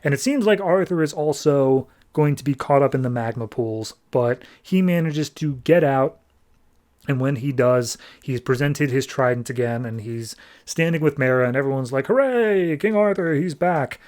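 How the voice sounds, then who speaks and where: A man's voice: medium pitch, moderate pace, a little mellow. A man hosting a podcast, recapping a comic book in a chatty, rambling way with fillers. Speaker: podcast host.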